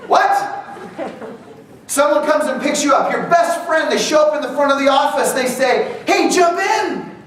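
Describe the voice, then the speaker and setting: High-voiced man giving an energetic stage talk. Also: moderate pace. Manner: energetic, animated, acts out quoted voices. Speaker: motivational speaker for a real estate team. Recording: echoey hall, voice from far off, faint noise.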